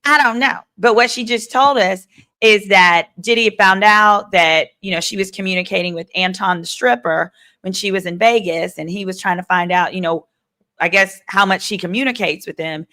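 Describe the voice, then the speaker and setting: A woman attorney hosting a live stream, giving sassy, animated legal commentary and talking straight to her viewers. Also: medium pitch, moderate pace.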